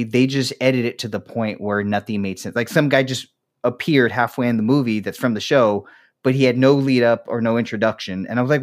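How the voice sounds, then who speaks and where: A man's voice: medium pitch, a little fast. Ranting, profane male podcast host. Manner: ranting, profane, laughs often. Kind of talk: casual podcast chat.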